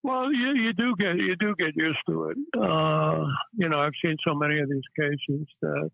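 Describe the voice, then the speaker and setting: A man, a psychiatrist guest, telling stories in a halting way with many fillers. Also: fairly high pitch, vocal fry, no echo. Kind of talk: casual interview storytelling. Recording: tinny phone-line audio, dry.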